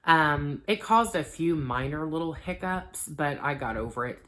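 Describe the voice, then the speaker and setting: A woman in her thirties chatting casually about the books she read, full of ums and likes, getting animated when she quotes conversations. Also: sits low, normal speed. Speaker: book vlogger. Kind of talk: casual book review chat.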